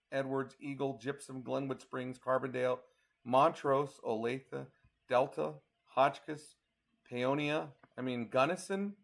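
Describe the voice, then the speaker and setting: Male storm chaser from Colorado, gravelly, tired, casual live forecast talk. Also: medium pitch. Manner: talks through model maps, counting hours aloud. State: tired, yawning. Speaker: storm chaser giving a weather update. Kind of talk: casual live weather briefing.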